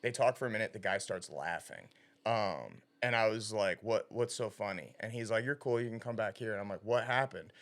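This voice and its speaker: A young man co-hosting a podcast, telling a long story in casual chat, animated and swearing, laughing at his own punchlines. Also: on the low side, brisk. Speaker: podcast co-host. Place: recording studio.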